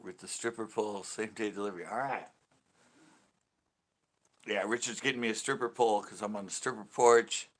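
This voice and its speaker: A man's voice: on the low side, fairly even intonation, normal speed, long pauses. A man hosting a casual fishing live stream, joking and rambling as he chats with viewers. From California. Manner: joking, rambling, laughs a lot. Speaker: fishing channel host.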